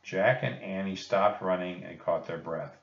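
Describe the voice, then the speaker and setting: A man reading a children's storybook aloud in a calm, measured way. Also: sits low, vocal fry. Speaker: narrator. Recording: echoey, distant and muffled.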